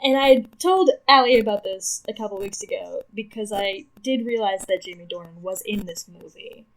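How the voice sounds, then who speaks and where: A woman's voice: mid-range voice, moderate pace, rough recording. A woman co-hosting a podcast in casual chat, laughing often, swearing freely and rambling through her asides. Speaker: podcast co-host.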